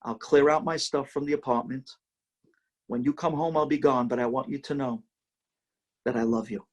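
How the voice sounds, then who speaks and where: A man voicing a gentle, selfless blind husband in a soft, tender, lower voice. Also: steady tone, moderate pace, natural voice.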